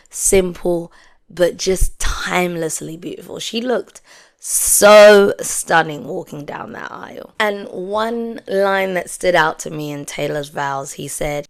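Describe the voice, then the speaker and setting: A young woman talks through a reality show episode in a casual, chatty review. Her voice sits low and has a gravelly edge. She keeps acting out her own reactions as she tells it. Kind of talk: casual video review chat.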